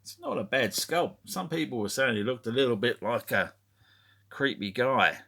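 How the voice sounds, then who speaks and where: A man's voice: medium pitch, animated, normal speed, vocal fry, fairly bright tone. A man chatting casually as a toy collector vlogger, rambling and swearing freely as he talks. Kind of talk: casual show-and-tell vlog.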